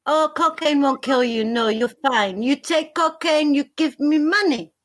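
A woman's voice: sits high, steady tone, a little fast, a bit bright, no echo, clean studio sound. A woman improvising a pushy foreign drug dealer who speaks in clipped, broken English. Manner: clipped broken phrases, insistent selling. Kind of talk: improv comedy scene.

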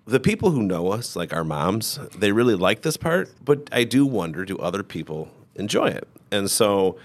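A man's voice: lowish voice, very animated, moderate pace. A man hosting a podcast, telling stories in easygoing casual chat with his co-host. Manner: easygoing, storytelling.

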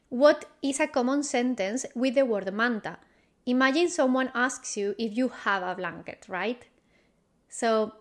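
A woman leads a vocabulary lesson, saying each word more than once and pausing for the listener to answer. Her voice sits a little high, and she takes her time over every word. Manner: repeats each word, quizzes the listener, patient and encouraging. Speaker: Spanish teacher. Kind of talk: slow, clear vocabulary lesson.

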